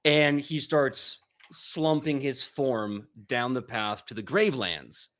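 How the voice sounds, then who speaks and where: A man narrating as game master of a tabletop game, relaxed and joking. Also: medium pitch, takes it slowly.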